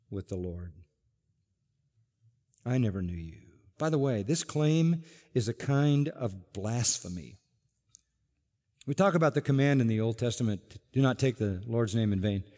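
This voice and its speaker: A man preaching a sermon with a somewhat high voice. He presses his points hard, climbing to loud declarations and then dropping into low, stretched endings. His voice carries a long reverb, as in a large hall. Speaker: pastor.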